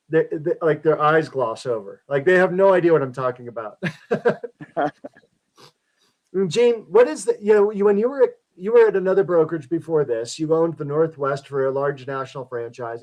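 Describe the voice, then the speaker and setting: Chatty male co-host with a slightly high voice. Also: darkish tone. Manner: chatty, repeats words as he restarts. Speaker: podcast co-host. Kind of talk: conversational show hosting.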